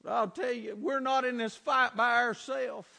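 Male pastor, fervent sermon delivery, gravelly edge, reverberant hall. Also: very high-pitched, steady tone, moderate pace. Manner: fervent preaching, rising to shouts; folksy storytelling.

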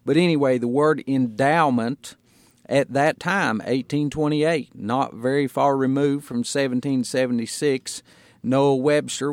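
A man preaching as a pastor on a radio broadcast, slowing down to stress single words as he explains them. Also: medium pitch, no echo. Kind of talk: radio sermon.

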